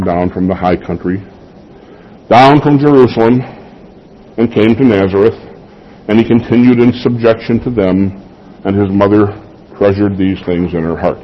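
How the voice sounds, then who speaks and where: Speaking to his congregation in a conversational way, this pastor poses rhetorical questions during his sermon. His pitch is fairly low, and the slightly dull lo-fi recording carries slight background noise.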